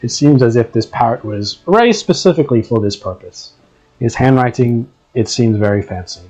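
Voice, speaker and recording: A man narrating a tabletop game as dungeon master, in a lively manner with frequent laughter. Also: medium pitch, moderate pace, husky, faint music behind.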